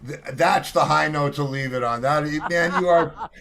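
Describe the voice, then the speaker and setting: A man's voice: on the high side, moderate pace, vocal fry, a bit bright. A man hosting an interview show, talking in an enthusiastic, effusive casual chat. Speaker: show host.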